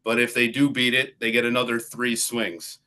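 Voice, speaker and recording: A man's voice: medium pitch, level tone, normal speed, pushed and bright. A middle-aged man, a golf coach and guest, explaining in an easygoing way and often adding "you know" and "right". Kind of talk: casual interview talk.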